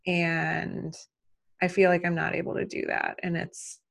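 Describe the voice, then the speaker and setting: Woman, thirties, mother, low-pitched, gravelly fry, rambling casual chat, self-doubting. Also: little pitch movement, measured pace. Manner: rambling, self-questioning, many fillers. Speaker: mother and podcast guest. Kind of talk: casual conversation.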